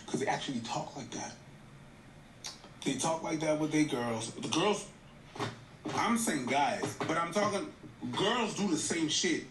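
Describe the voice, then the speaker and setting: A man co-hosting a casual commentary show, talking in an animated way with quick asides. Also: on the high side. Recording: roomy echo, faint room noise.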